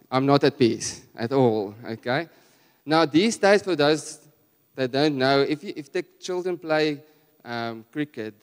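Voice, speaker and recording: A man with a South African accent preaches in a relaxed, chatty way, full of restarts and asides. His voice comes through smooth and resonant, and a long church hall reverb trails behind every phrase. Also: mid-range voice. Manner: conversational, animated storytelling with frequent restarts. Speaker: guest preacher. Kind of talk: sermon with personal story.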